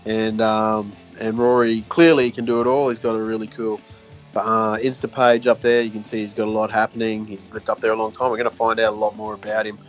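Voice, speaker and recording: A man's voice: on the low side, little pitch movement, a little fast, faint music behind. A man co-hosting a podcast, enthusiastic and rambling with frequent restarts. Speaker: podcast co-host. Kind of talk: casual podcast interview.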